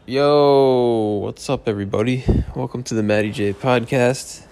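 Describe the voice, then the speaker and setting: A man's voice: medium pitch, fairly even intonation, fairly quick, gravelly, darkish tone. A man hosting his own podcast, rambling casually with profane, joking asides. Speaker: podcast host. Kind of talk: casual solo podcast chat.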